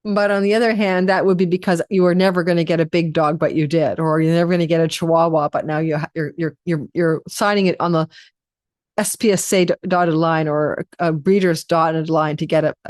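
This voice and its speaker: A woman's voice: low voice, fairly even intonation, a little fast, a little mellow, no room sound, studio quality. A tired woman astrologer giving a rambling, chatty forecast and running through lists of possibilities. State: tired, yawning.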